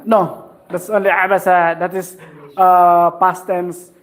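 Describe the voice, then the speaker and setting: Man, Quran reading teacher, slow, patient, repeats sounds. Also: high-pitched, flat delivery. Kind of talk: slow classroom instruction.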